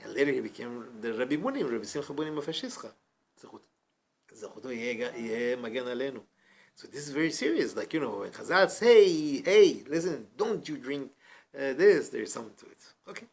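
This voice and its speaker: A man teaching a Torah class as a rabbi in a community study hall, chatty and animated as he tells a story. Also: medium pitch, fast talker, gravelly, slight background noise. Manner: animated, conversational, chatty asides.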